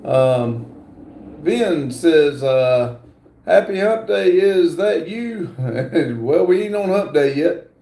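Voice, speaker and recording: Middle-aged man, livestream host, slow drawl, gravelly, reads comments. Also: fairly high pitch, animated, dark tone, roomy sound. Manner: slow, drawling, reads chat aloud with many fillers. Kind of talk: casual livestream chat reading comments.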